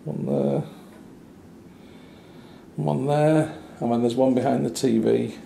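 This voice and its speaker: In an echoey small room with faint background noise, a man with a mid-range, creaky, warm voice speaks slowly and fairly evenly. He gives a chatty, wry walkthrough of a small hotel room for a travel review, dropping dry asides along the way.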